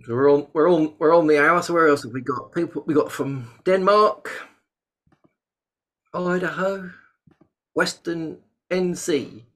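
A man hosting a webinar over a video call, chatty and joking, with sudden bursts of excitement. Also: on the high side, a little slow, long pauses. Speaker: host. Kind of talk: casual webinar chat.

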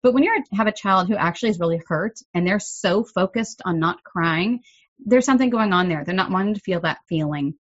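Earnest woman podcaster, low-pitched. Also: fairly quick, no room sound, highs cut off. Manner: earnest, explanatory, gently emphatic. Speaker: parenting podcast host. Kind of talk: solo podcast talk.

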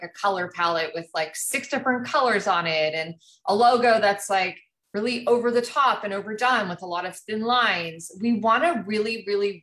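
Bright, upbeat woman on a livestream. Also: mid-range voice, low-quality recording. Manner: upbeat, chatty. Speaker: co-host of a business coaching livestream. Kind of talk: casual livestream chat. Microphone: video call.

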